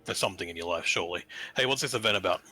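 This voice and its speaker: A man's voice: deep voice, racing, bright, forceful tone, dry recording. A man playing his character at a tabletop game, blunt and sardonic. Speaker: player.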